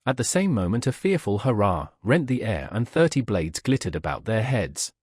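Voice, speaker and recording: A man narrates a classic adventure novel with a husky, slightly rough voice. His pitch swings widely as he reads. The sound is close and dry, with no room around it. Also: sing-song, moderate pace, a little mellow, dry recording. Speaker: audiobook narrator.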